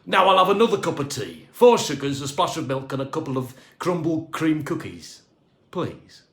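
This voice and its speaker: A man's voice: a little high, very animated, moderate pace, voice pushed up. Man doing a stern, demanding boss. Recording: echoey room.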